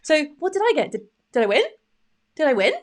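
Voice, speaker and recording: A woman's voice: high-pitched, sing-song, brisk. A woman co-hosting a children's craft show, chatty and bubbly. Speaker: co-host. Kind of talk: playful kids' craft show chat.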